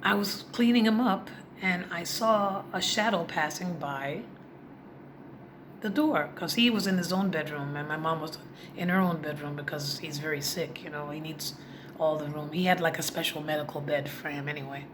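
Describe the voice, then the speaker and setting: A woman's voice: sits low, moderate pace. A woman vlogger telling a personal story in a heartfelt, confiding way, speaking directly to her viewers. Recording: noisy background.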